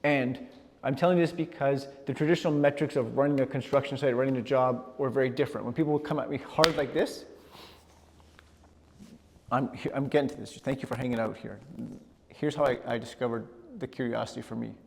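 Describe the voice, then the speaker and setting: A middle-aged man giving a personal storytelling talk, animated, often repeating words as he gathers his thoughts. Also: mid-range voice, brisk, vocal fry. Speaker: speaker. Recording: long hall reverb.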